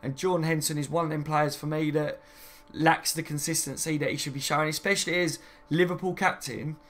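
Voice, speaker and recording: A man's voice: a little high, fairly even intonation, fairly quick, fairly bright tone. A man chatting casually on a live stream, rambling and reading viewer comments aloud, saying "mate" and "you know what I mean" often. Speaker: football fan streamer.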